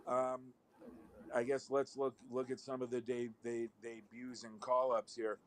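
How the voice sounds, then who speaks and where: A man's voice: mid-range voice, flat delivery, measured pace. A man on a live call-in show, rambling wryly in casual chat and swearing now and then.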